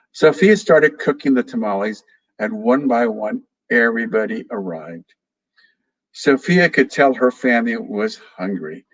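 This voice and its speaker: Slow expressive man reading a storybook. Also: medium pitch, gravelly, rough recording. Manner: slow, expressive, addresses children. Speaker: guest reader, children's author. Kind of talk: children's storybook read-aloud.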